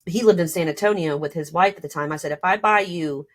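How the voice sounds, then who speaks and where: Woman, thirties, low voice, emotional rambling storytelling, lots of fillers. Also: fast. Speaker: podcast guest telling her story. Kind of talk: casual storytelling.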